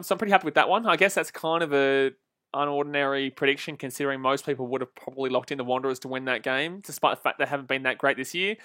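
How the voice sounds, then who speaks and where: A young man chats through a football match on his stream, laughing easily and swearing offhand. His voice is bright and a touch high, and the sound is close and dry with no room echo. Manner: chatty, laughs often, swears casually. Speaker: livestream football watch-along host. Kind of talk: casual live commentary reading chat.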